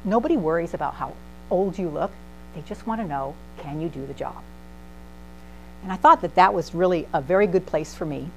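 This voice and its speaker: A woman's voice: lowish voice, brisk, low-quality recording. A middle-aged woman pharmacist giving a humorous talk, acting out voices in her stories. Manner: animated, acts out voices in anecdotes. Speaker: pharmacist speaker. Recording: faint mains hum.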